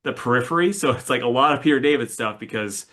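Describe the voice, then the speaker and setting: A man's voice: mid-range voice, fast talker, a bit bright. A man co-hosting a podcast, chatting casually about comics. He rambles through his points with plenty of "like" and "you know," often breaking into a laugh. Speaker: podcast co-host. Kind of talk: casual chat.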